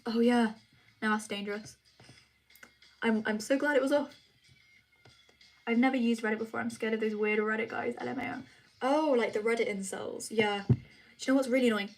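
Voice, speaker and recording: Chatty teenage girl, slightly high voice. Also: fairly even intonation, normal speed, pauses often. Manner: chatty, giggly, restarts often. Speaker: livestream host. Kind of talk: casual livestream chat reading comments. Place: home room.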